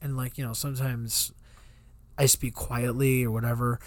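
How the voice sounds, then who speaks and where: A man's medium-pitched, flat voice moves at normal speed with no echo as he co-hosts a podcast. In casual chat he tells a long, wandering story, acting out customers in quotes and swearing freely.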